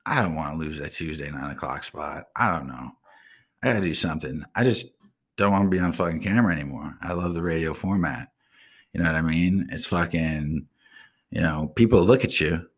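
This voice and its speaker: A man hosting his own live stream show, ranting bluntly and swearing constantly, with casual slang. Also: low voice. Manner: casual slang, drawn-out asides. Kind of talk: profane solo rant.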